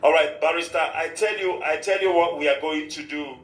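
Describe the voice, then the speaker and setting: A man's voice: fairly high pitch, a little fast, echoey room, low-quality recording. A man hosting a live radio show in a formal, repetitive manner, with a short prayer. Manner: formal, repeats "of course" often. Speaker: radio host.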